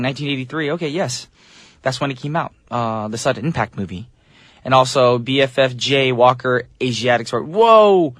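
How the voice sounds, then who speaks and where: A man's voice: medium pitch, a bit bright, dry recording. A man hosting a radio show as DJ, talking in a casual, upbeat, chatty way with loose fillers, from a studio microphone.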